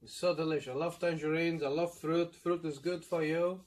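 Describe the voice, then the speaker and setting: A middle-aged Portuguese man from Madeira hosts a casual eating video, his voice sitting fairly high for a man. He flips between Portuguese and English and keeps checking in with the audience with little "eh?" and "yeah?" tags. Long "mm" sounds come through while he eats. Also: fairly even intonation, a little fast. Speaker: mukbang host.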